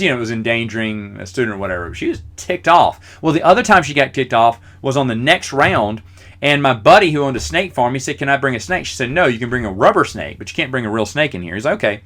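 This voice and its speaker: A man's voice: medium pitch, very animated, fast, fairly bright tone. A man in his forties hosting a podcast, telling rambling, self-deprecating stories with lots of fillers. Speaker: podcast host. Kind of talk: casual storytelling.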